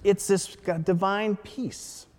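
Slow, measured man preaching in a hall. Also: high voice, steady tone, darkish tone. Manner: slow, measured preaching with emphatic scripture quotes. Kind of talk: sermon.

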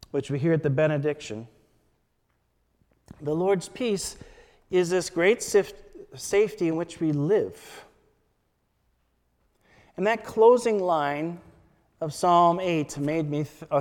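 A man preaching a sermon, slow and measured, reading scripture quotes with emphasis. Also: on the high side, darkish tone, long reverb tail.

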